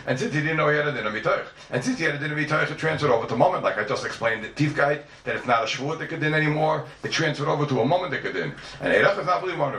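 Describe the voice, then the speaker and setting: A man races through a Talmud lesson, his pitch leaping up and down as he argues each point. He is heard from a distance in a roomy classroom, with faint ambience behind him. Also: animated, fairly bright tone. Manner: rapid, questioning, sing-song give-and-take. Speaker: Talmud teacher. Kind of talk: animated Talmud class lecture.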